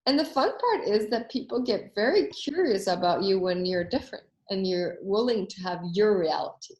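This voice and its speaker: A woman hosting a coaching workshop, telling anecdotes in a casual, animated way and acting out the voices she quotes. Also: medium pitch, moderate pace, roomy sound, muffled recording.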